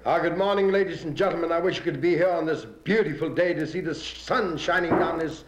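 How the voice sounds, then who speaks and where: A man doing breathless, excited mock radio commentary on a parade and rally. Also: on the high side, a little fast, roomy sound, lo-fi sound, background noise. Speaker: comic radio announcer.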